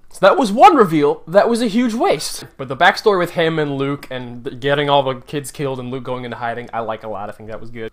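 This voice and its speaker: A man's voice: medium pitch, expressive, a little fast, hardly any pauses. A man giving a casual, opinionated movie review, ranting with sarcasm as he picks apart scenes. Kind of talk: casual spoiler review rant.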